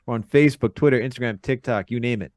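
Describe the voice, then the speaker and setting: A young man hosting a sports podcast, reading out brisk, upbeat sign-off promotions. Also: medium pitch, darkish tone, no room sound, studio quality. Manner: brisk, upbeat show announcements. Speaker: podcast host.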